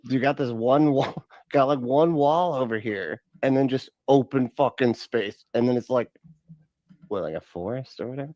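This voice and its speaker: A man's voice: mid-range voice, a little mellow, dry recording. A man hosting a reaction video, riffing casually with frequent swearing and laughter. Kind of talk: casual comedic commentary.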